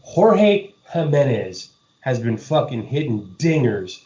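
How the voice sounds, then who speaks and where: A man's voice: medium pitch, big pitch swings, slow pace, mellow, reverberant, a little hiss or hum, poor audio. Loose, profane man on a podcast. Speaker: podcast host. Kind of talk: casual chat.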